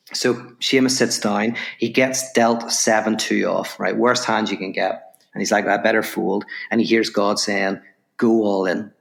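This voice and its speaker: A gravelly-voiced man from Northern Ireland, fairly low-pitched and speaking at normal speed, appears as a podcast guest. A lively storyteller, he tells a parable while acting out the voices in it, then explains abstract ideas, restarting phrases as he builds each point.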